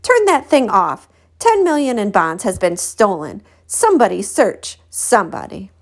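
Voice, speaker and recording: A woman's voice: mid-range voice, sing-song, normal speed. A woman voicing a spoiled, demanding rich heiress who screeches and sneers, reading a children's novel aloud. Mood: imperious.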